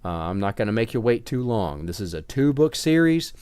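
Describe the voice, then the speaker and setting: A man who writes fantasy novels, vlogging in a relaxed, chatty way with many fillers and a slight Southern US accent. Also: on the low side, fairly quick, clean tone, dry recording. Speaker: author vlogging about his books. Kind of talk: casual vlog talk.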